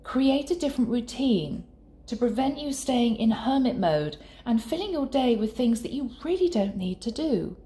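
A woman giving a channeled tarot reading in an earnest, soft and sometimes emotional way. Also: fairly high pitch, lively intonation, moderate pace. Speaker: tarot reader. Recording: echoey room with faint ambience.

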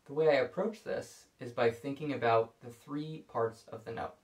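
A man calmly explaining violin bowing technique in a scripted video lesson. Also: medium pitch, normal speed, soft background music. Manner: calm, explanatory. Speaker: violin teacher. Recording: echoey room.

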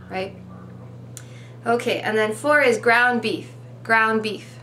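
A woman teaching vocabulary at a very slow, deliberate pace, repeating each word and asking "okay?" as she goes. Her voice is bright and slightly high. A faint hum runs underneath. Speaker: ESL teacher.

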